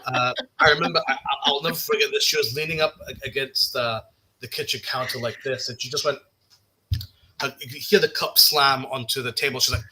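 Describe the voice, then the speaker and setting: A young man on a podcast, telling personal stories in a casual chat, halting and self-mocking with many restarts. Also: medium pitch, steady tone, sharp tone, slight background noise, rough recording. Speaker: podcast guest.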